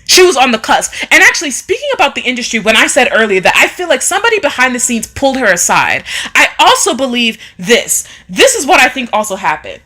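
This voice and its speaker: A woman's voice: on the high side, wildly swooping pitch, fast talker, hardly any pauses, pushed and bright. A woman hosting a casual live stream, reading viewer comments and chatting in an emphatic way, often repeating phrases for effect. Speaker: livestream host.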